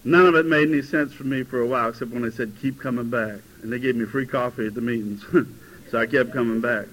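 A man in his fifties telling his recovery story to a meeting, animated and given to sudden loud outbursts. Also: mid-range voice, fast talker, slight background noise, low-quality recording. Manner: animated storytelling, bursts into shouting. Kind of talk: personal testimony to a meeting. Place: meeting hall before a live audience.

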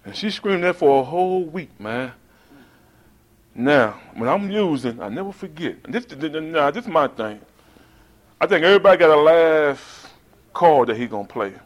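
Guy sharing his recovery story, slightly high voice, talks easy and direct to the room. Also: expressive, moderate pace. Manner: conversational, addresses the room with "man". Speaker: speaker at a recovery meeting. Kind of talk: personal testimony, storytelling.

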